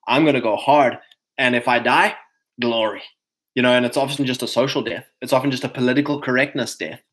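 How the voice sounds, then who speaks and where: A man hosting a casual livestream, talking to his viewers in an energetic, preachy way. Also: medium pitch, poor audio. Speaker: host.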